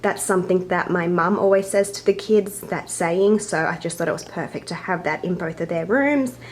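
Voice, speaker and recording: A woman's voice: lowish voice, normal speed, slight background noise. A young woman giving a chatty home tour as a vlogger, a bit out of breath and apologizing now and then. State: slightly out of breath. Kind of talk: casual home tour narration.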